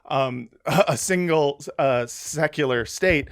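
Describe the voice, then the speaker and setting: A man's voice: on the high side, slow pace, smooth, no room sound. A man hosting a casual political podcast, talking bluntly and with frequent swearing. His delivery rambles, full of fillers and restarts, and the recording sounds dry and close. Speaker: podcast host.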